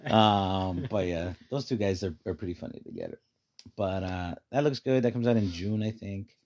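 A man with a fairly low voice co-hosts a relaxed chat about movies. He tells stories with plenty of energy and slips into little voices to act out what other people said. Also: normal speed. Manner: animated storyteller who acts out quotes. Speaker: podcast co-host. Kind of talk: casual chat.

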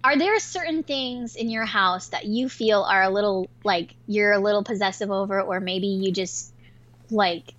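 Bright-voiced woman telling a fired-up story. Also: medium pitch, highs cut off. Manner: animated, profane, quick-tempered storytelling. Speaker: podcast co-host. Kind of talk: casual podcast chat.

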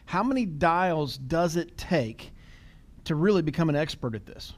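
A man's voice: fairly high pitch, animated, moderate pace. A middle-aged man hosting a podcast, talking casually, telling stories with quoted dialogue and laughing easily. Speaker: podcast host.

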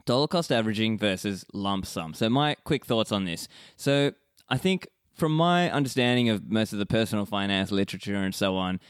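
A man with a low voice hosts a podcast and puts questions to his guest in an easygoing, conversational way. He is recorded dry and close, with no room sound. He laughs easily between points. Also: lively intonation, a little fast, clean tone, no room sound. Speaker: podcast host. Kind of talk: casual interview.

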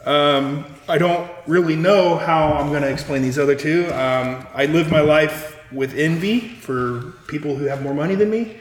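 A man's voice: fairly high pitch, moderate pace, few pauses, lightly acted. A man doing a joking impression of a boastful presidential candidate during a party game, brash and self-satisfied. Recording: echoey reverberant room, faint noise.

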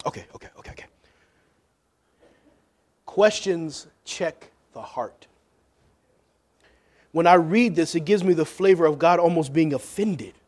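High-voiced pastor preaching with loud-soft swings. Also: male voice, a little slow. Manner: lively preaching, swings from loud jokes to hushed questions. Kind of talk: sermon.

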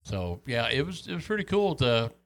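A man's voice: mid-range voice, sing-song, moderate pace, vocal fry. A man with a plain Midwestern accent chats easily as the host of a casual interview, swapping stories with his guest. He keeps a loose, friendly flow, with plenty of ums and uhs. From Wisconsin. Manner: easygoing, chatty, with fillers.

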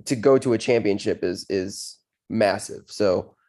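A hoarse man co-hosting a casual sports chat, excited and rambling. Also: on the low side, a little slow.

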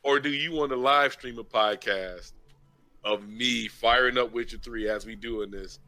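A man's voice: mid-range voice, a little slow, bright, forceful tone. A man co-hosting a gaming podcast, chatting casually and joking playfully. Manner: playful, joking, laughs often. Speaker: podcast co-host. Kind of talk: casual chat.

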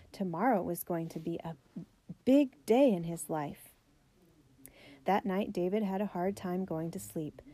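A woman narrating a children's biography aloud, steady and gentle. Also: medium pitch.

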